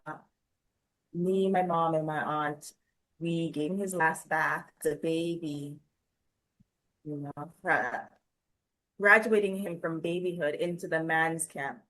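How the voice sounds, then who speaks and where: A woman's voice: low voice, slow pace, pauses often, a bit bright, poor audio. A woman hosts a podcast in a casual, conversational tone. She affirms what her guest says and slips into personal stories. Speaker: podcast host.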